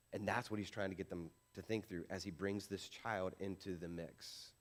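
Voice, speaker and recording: A man's voice: deep voice, steady tone, normal speed, hardly any pauses. A man preaching a sermon as pastor, conversational and self-deprecating, with frequent rhetorical questions. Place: church sanctuary.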